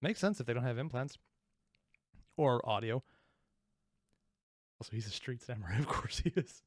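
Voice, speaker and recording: Animated, self-mocking man reacting. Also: medium pitch, moderate pace, no room sound, clean studio sound. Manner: laughing, rambling, self-deprecating. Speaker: reaction video host. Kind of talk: casual reaction commentary.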